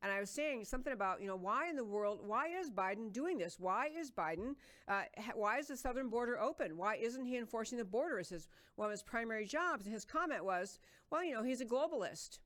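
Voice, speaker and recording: A woman's voice: fairly high pitch, lively intonation, a little fast, hardly any pauses, fairly bright tone. Emphatic woman hosting political talk. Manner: earnest, emphatic, with many fillers and restarts. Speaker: talk show host. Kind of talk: political commentary monologue.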